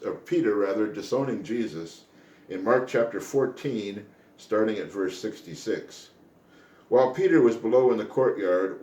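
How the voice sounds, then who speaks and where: Earnest low-voiced man teaching Scripture. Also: darkish tone, roomy sound. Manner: earnest, reflective, emphatic at key points. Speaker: Bible teacher. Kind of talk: daily Bible devotional talk.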